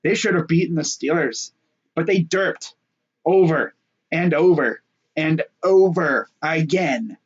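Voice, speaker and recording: A man's voice: fairly high pitch, slow pace, breathy edge, highs cut off. Young man rambling through sports picks. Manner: joking, rambling, fillers and trash talk. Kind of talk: casual solo sports talk.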